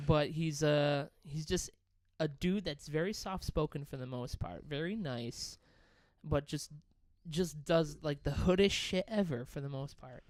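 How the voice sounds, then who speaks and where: A man's voice: on the high side, a little slow, a little mellow, no echo. A man co-hosting a podcast, chatting loosely and swearing freely about TV shows. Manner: loose, profane, laughing. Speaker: podcast co-host. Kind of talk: casual chat.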